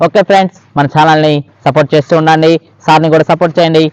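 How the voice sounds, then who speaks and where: Male Telugu host, rapid, fairly high voice, outro pitch for viewers. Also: fairly even intonation, clean tone, rough recording. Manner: chatty, asks viewers to like and subscribe. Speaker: channel host. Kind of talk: video outro.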